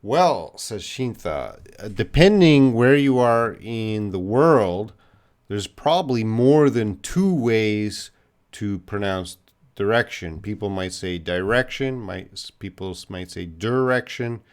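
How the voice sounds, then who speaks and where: Canadian male English teacher, slightly low voice, patient live-stream explainer with lots of fillers. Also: expressive, takes it slowly, a little mellow. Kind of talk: live-stream English lesson, answering questions.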